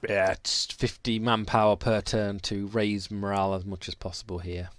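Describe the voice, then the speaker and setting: A man's voice: fairly low pitch, level tone, moderate pace, slight background noise. A man giving casual commentary as he plays a strategy game, chatty and thinking aloud with many restarts.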